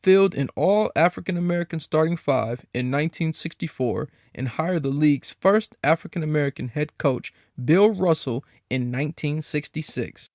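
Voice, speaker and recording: Male podcast host, fairly high voice that swings wide, profane incredulous rant, dry close mic. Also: normal speed, few pauses, no room sound. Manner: profane, animated, incredulous ranting with frequent laughs.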